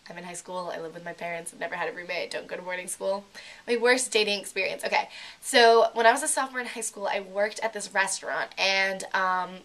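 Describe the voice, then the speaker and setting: A woman's voice: mid-range voice, flat delivery, quick pace, a bit bright. A girl in her late teens chatting casually to her laptop camera as a beauty vlogger, giggly and full of likes and ums. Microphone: laptop webcam.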